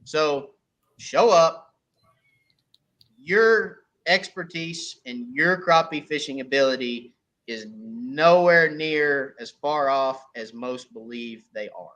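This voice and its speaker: Bright-voiced storytelling American man. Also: on the high side, slow pace, lo-fi sound. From United States. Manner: storytelling, animated when quoting others. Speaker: crappie club organizer. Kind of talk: casual podcast chat.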